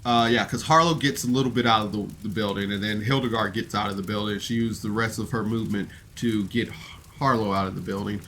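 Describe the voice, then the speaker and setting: A man's voice: on the low side, steady tone, quick pace, fairly bright tone, a little hiss or hum. A man giving a casual, rambling review of a podcast episode on camera, emotional and full of fillers. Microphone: camera mic, seated on camera.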